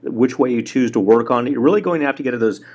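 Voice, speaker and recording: A man being interviewed as a guest hypnotherapist, speaking in a relaxed, joking way and laughing easily. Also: medium pitch, rapid-fire. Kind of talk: casual interview over the phone.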